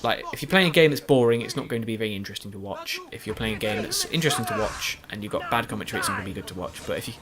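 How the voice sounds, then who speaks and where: A crowd sounds in the background as a man races through his words with hardly any pauses, his fairly low voice lively in intonation. The gaming YouTuber, tired and yawning late at night, adds rambling, self-deprecating commentary to game footage afterward, with many restarts and fillers.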